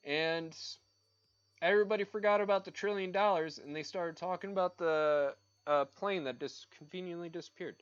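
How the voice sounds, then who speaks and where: A man's voice: sits high, moderate pace, clean tone. Man, casual livestream chat, swearing, opinionated rambling, muffled lo-fi sound. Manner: profane, ranting, opinionated. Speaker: livestreamer painting on stream.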